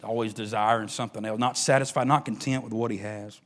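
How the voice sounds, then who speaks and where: A middle-aged man, preaching a sermon as pastor, swinging between emphatic rises and hushed near-whispers. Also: on the low side, fairly even intonation, quick pace.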